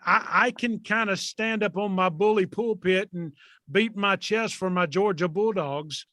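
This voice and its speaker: A man's voice: high-pitched, unhurried, sharp tone, no room sound, clean studio sound. A man in his fifties hosting a podcast, joking in a jovial, folksy way. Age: 50s. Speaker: podcast host.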